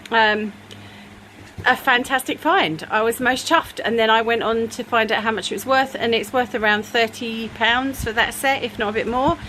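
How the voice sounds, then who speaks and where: Woman, casual vlog chatter, rambling with ums, slightly high-pitched, faint background hiss, handheld camera at home. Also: moderate pace, bright, forceful tone, rough recording. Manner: chatty and rambling, with frequent ums and little laughs. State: a bit out of breath. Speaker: craft vlogger. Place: home craft room, indoors.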